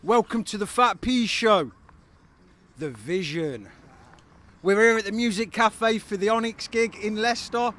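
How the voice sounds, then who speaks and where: A man hosting a show on location, speaking slowly in a high voice. He sounds laid-back and relaxed. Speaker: radio show host. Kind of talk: on-location interview intro.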